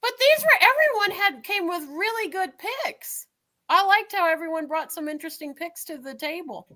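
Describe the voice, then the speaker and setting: A woman's voice: very high voice, animated, moderate pace, sharp tone. A woman co-hosting a casual talk show, giggly and playful. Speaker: podcast co-host. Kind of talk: casual chat.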